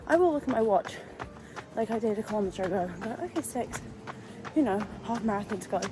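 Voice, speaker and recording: A young woman talks to her camera while she runs outdoors. Her voice sits in a middle pitch, and she sounds out of breath and worn out as she chats and coaches herself along. Outdoor noise is clearly audible behind her. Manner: chatty, self-talk while running, often breathless and weary. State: out of breath, exhausted. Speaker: vlogger. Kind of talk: running vlog, talking to camera. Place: outdoors, on a run. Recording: noisy outdoor ambience.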